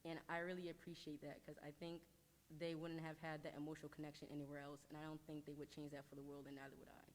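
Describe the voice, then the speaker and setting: Earnest teenage girl, low voice, echoey hall. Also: little pitch movement, slight background noise. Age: teens. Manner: earnest, halting, emotional. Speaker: high school lacrosse player. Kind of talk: press conference statement. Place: press conference room. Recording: long reverb in a large room.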